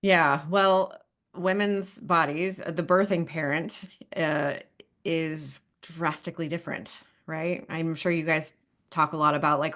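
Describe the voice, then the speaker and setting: A woman's voice: sits low, a bit bright. A woman couples therapist in a podcast interview, talking in a chatty way with frequent laughs and asides like "right?" and "you know".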